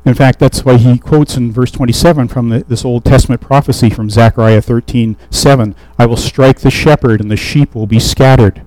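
A man's voice: medium pitch, steady tone, fairly quick, hardly any pauses, a little mellow, dry recording, rough recording. A man preaching a sermon, reading scripture aloud and explaining it in a conversational way with restarts and fillers.

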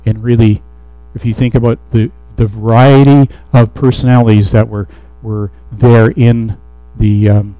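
Man preaching in a mellow voice. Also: on the low side, little pitch movement, a little slow, hardly any pauses, no echo, lo-fi sound. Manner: conversational Bible teaching with restarts and fillers; reads scripture aloud then explains it. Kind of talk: sermon.

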